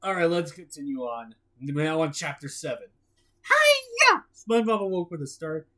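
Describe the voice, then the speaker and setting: A woman's voice: low-pitched, a little fast. Giggly woman reading a storybook aloud. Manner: giggly, rambling, excitable. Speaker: storytime host and reader.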